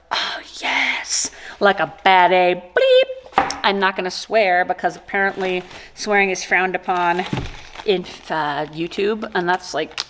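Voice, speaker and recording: A woman's voice: lowish voice, noisy background. A woman chatting casually in an unboxing vlog, bubbly and giggly, rambling with lots of "like"s. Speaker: corset maker and vlogger.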